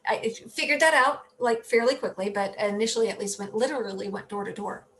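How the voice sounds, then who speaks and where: A woman who ran for office, talking as a guest in a casual interview, telling stories in an animated way and often correcting herself mid-sentence. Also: a little high, brisk. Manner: animated storytelling, self-correcting. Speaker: political candidate, guest.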